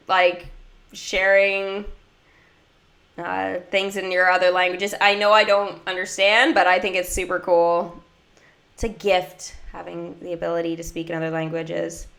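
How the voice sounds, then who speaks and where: A woman's voice: medium pitch, fairly bright tone. A woman chatting casually during a mobile game livestream, giggling often and answering her viewers' chat.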